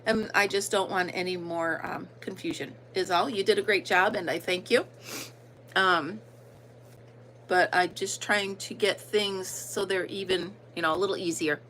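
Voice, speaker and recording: A woman's voice: on the low side, fairly even intonation, moderate pace, a bit bright, slight background noise, low-quality recording. A woman with an American country accent hosting a casual livestream, chatting and greeting viewers by name with plenty of ums. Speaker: livestream host.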